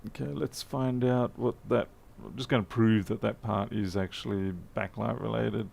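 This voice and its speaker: Gravelly repair tech, low-voiced. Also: male voice, fairly even intonation, normal speed, darkish tone. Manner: chatty, self-mocking, mutters while working. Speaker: electronics repair technician. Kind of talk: casual workbench commentary. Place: repair workshop.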